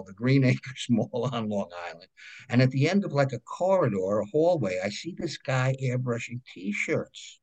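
A man with a New York accent, a guest telling lively anecdotes in a casual interview and often checking in with "right?". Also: mid-range voice, husky. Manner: animated anecdotes, frequent "right?" check-ins. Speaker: guest, comic book creator.

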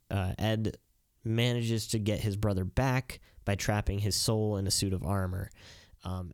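A man's voice: lowish voice, darkish tone, no echo, studio quality. A man co-hosting a podcast in casual chat, talking earnestly and rambling, easily moved. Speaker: podcast co-host.

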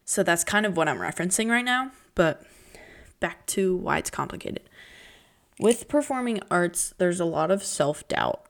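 Young woman podcaster, slightly low voice, chatty and dramatic, casual monologue. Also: animated, moderate pace, gravelly. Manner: chatty, dramatic, jumps between pitches and whispers. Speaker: podcast host. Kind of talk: casual chat.

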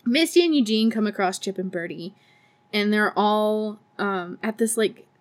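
A woman hosting a podcast, recapping a movie in a casual, profane, sarcastic way, laughing often and doing high voices for the characters. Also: a little slow. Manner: acts out characters in a high put-on voice. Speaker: podcast host.

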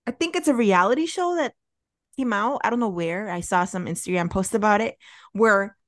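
A woman's voice: mid-range voice, moderate pace. A young woman from Chicago co-hosting a podcast in casual chat, telling stories with lots of energy, cursing freely and acting out the people she quotes. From Chicago area. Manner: animated storyteller, swears freely, acts out quoted people. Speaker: podcast co-host. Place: apartment near a window.

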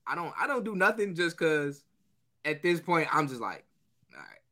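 A man's voice: fairly high pitch, moderate pace. A man co-hosting a casual podcast, telling stories with lots of laughing. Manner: animated storytelling, laughing often. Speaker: podcast co-host. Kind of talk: casual banter.

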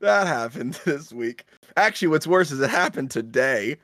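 A man's voice: mid-range voice, lively intonation, moderate pace, fairly bright tone, no room sound, studio quality. A man co-hosting a podcast, telling a rambling, self-mocking story in casual chat, swearing and laughing at himself. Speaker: podcast co-host.

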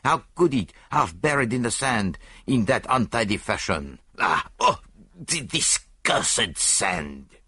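A fussy elderly Belgian detective, complaining in neat, precise phrases, as a male narrator puts him on. The voice is husky and swings widely in pitch, recorded dry and close. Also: big pitch swings, slow, bright, forceful tone, dry recording, exaggerated voice.

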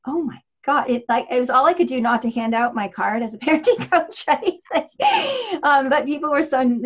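A woman's voice: fairly high pitch, creaky. A woman parenting coach giving advice in a chatty way, full of fillers and restarts. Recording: dull lo-fi audio.

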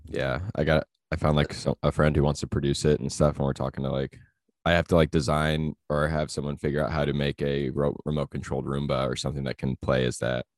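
A man's voice: very deep voice, level tone, quick pace, no room sound, clean studio sound. A man hosting a podcast, chatting loosely and crudely with lots of fillers. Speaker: podcast host. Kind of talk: casual crude comedy chat.

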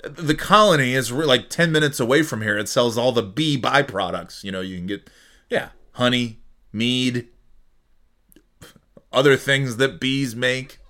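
A man's voice: mid-range voice, measured pace, pushed and bright. A man hosting a podcast, casually reading out listener cities and joking around. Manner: reads out listener cities, jokey, tries silly accents. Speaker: podcast host. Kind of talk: casual solo podcast chat.

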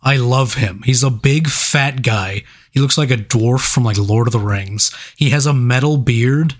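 A man's voice: mid-range voice, a little slow. A man co-hosting a casual movie review chat, telling stories with lots of laughter and swearing. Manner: laughing, profane, animated storytelling. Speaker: podcast co-host.

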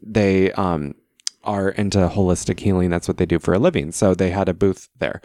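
Deep-voiced man telling chatty stories. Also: steady tone, moderate pace, dark tone, dry recording, studio quality. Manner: chatty, self-deprecating storytelling. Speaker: podcast host. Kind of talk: casual chat.

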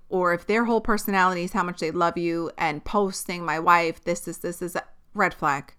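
A young woman hosting her own podcast, venting bluntly and profanely in a casual, animated way. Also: mid-range voice, clean tone. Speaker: podcast host. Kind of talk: casual solo podcast rant.

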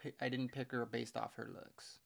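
Gravelly-voiced young man rambling casually. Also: mid-range voice, flat delivery, normal speed, a bit bright. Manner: rambling, reads notes aloud, stumbles over words. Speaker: podcast co-host. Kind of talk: casual chat.

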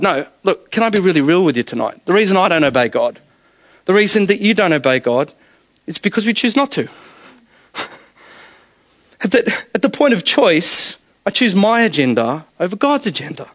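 A man delivers an evening sermon, chatty and full of stories, laughing often. His voice sits high for a man. The sound is dry and close. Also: very animated, moderate pace, a bit bright, dry recording. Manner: storytelling, conversational, laughs often. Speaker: preacher.

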